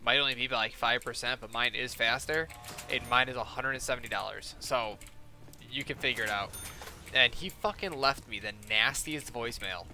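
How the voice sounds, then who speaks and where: Over soft background music, a man with a medium-pitched voice speaks at a moderate pace in a bright, forceful tone. He's a gaming streamer in casual gameplay chat, cursing and ranting through the story of an argument while mimicking what others said in a mocking tone.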